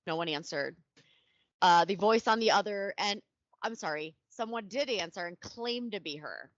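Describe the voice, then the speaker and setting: A woman co-hosting a casual true crime podcast, reading case details aloud with blunt, animated asides. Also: mid-range voice, normal speed, no echo. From Ohio. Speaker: podcast co-host. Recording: dull lo-fi sound.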